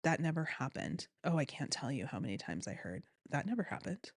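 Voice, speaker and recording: A woman telling her own story as an interview guest, earnest and animated, often quoting what others said. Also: extremely low pitch, brisk, no echo, studio quality. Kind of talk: personal story in conversation.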